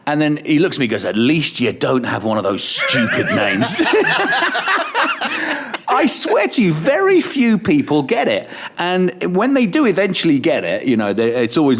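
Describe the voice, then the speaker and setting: A man's voice: fairly high pitch, huge pitch swings, moderate pace, background noise. A middle-aged man, a radio presenter, telling stories in casual chat, swearing, laughing and acting out what others said. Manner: swearing, laughing storyteller who acts out quotes. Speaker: radio presenter, podcast guest.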